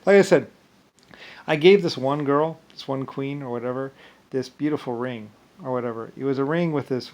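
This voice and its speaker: A man's voice: mid-range voice, creaky, a little mellow. A man talking in a rambling monologue, circling back with repeated filler phrases and frequent restarts.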